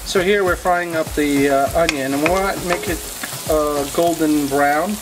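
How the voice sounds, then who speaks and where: A man's voice: fairly high pitch, unhurried, noisy background. A man giving a casual cooking demonstration in a kitchen, hesitant, with many filler sounds. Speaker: home cooking instructor. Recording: music playing loudly behind.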